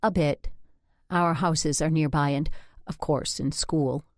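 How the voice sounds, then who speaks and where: A woman's voice: low voice, steady tone, slow pace, no room sound, studio quality. Woman voicing Donna, a tearful teenage girl. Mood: hesitant. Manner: hesitant, tearful. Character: teenage girl, grieving and uneasy.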